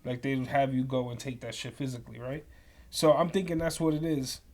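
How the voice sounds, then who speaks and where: A young man telling profane, animated work stories as a podcast co-host. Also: medium pitch, a little fast. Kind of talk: casual storytelling.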